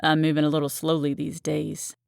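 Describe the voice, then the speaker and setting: A woman voicing a cocky young male college quarterback who talks in a deep, smooth, condescending way. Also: monotone, fairly quick, no room sound, studio quality, lightly acted.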